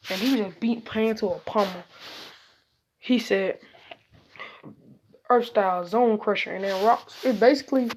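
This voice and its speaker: A woman's voice: fairly low pitch, darkish tone, a little hiss or hum. A woman casually telling an improvised fan story, rambling and correcting herself as she goes. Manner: rambling, self-correcting, slangy.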